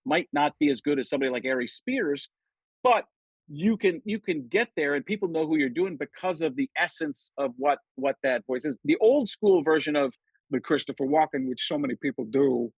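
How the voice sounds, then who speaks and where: A middle-aged man, a comedian guest on a podcast, chatting casually and telling stories with lively quoted voices. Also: a little high, moderate pace, creaky, husky, dry recording, poor audio. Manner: animated storytelling, jumps into quoted voices. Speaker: guest impressionist.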